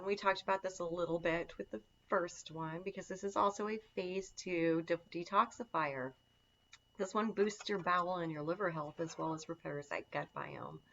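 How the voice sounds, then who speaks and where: A woman's voice: fairly low pitch, fairly bright tone, a little hiss or hum. A woman teaching a casual lesson on herbal remedies, chatty and enthusiastic, with lots of fillers. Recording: dull lo-fi sound.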